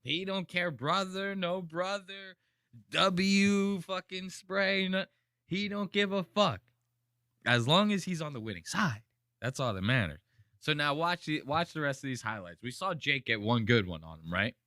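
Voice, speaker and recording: Male podcast host, crude and animated, bright forceful voice, dry close studio sound. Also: fairly high pitch, measured pace, no room sound. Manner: crude, animated, mocking impressions. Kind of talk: casual chat reacting to fight clips.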